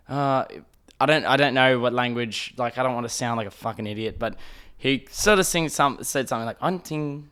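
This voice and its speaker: With a smoke-irritated throat, a young Australian man spins a rambling comic story on his podcast, cursing frequently and voicing the characters himself. His voice is mid-range, smooth, and sharp.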